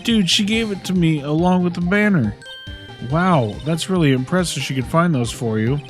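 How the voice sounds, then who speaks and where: A man's voice: fairly high pitch, animated, moderate pace, soft background music, pitched above the performer's own voice, lightly acted. A man voicing a goofy laid-back young guy who talks in a whiny surfer-dude way.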